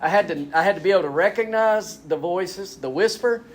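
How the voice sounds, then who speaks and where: A man speaking candidly at a spiritual retreat, animated and self-deprecating, acting out quotes as he tells his story. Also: sits high, a little fast.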